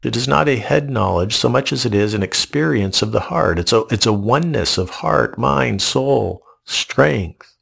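A man preaching a devotional sermon, speaking in measured, repeated phrases and often restarting his words. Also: mid-range voice, lively intonation, vocal fry, a bit bright, slightly rough. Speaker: pastor.

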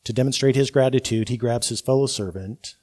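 Man, sermon, husky voice, mellow tone, emphatic repetition. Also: mid-range voice, brisk. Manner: emphatic, repeats key words for effect. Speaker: preacher.

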